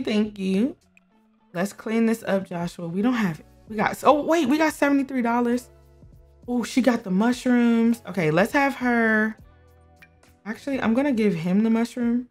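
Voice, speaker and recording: A young woman chatting through a life sim game, talking to her characters and laughing often. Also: mid-range voice. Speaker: gameplay streamer. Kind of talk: casual gameplay commentary.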